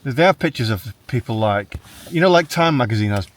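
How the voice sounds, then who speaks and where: A man's voice: medium pitch, animated, brisk, distant mic. A man chatting casually with a friend outdoors at a camp, joking and laughing often. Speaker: wild camper chatting with a friend. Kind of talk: casual chat. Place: outdoors at a wild camp on moorland. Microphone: small handheld camera.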